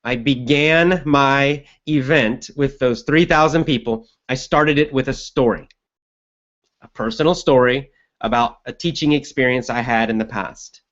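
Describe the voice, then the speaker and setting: A man hosting a live show, answering viewer questions in an energetic coaching tone with occasional laughs. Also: mid-range voice, a little slow, lo-fi sound. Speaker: host.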